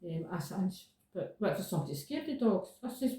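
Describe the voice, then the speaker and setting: A woman's voice: medium pitch, big pitch swings, fast talker, hardly any pauses, warm tone, far from the mic. A woman in casual chat as a podcast host, stating her points firmly and repeating them for emphasis. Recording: echoey room, voice from off the mic.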